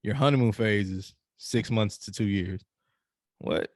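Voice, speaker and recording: A man's voice: lowish voice, unhurried, no room sound, studio quality. A man hosting a casual podcast chat, talking loosely with slang and laughing often. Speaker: podcast host.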